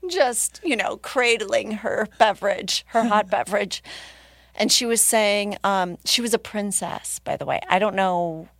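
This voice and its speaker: A woman's voice: medium pitch, measured pace, hardly any pauses, no room sound. Woman in her 30s, comic guest, casual self-mocking storyteller, dry close mic. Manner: lively, laughing, self-mocking. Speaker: comedian guest.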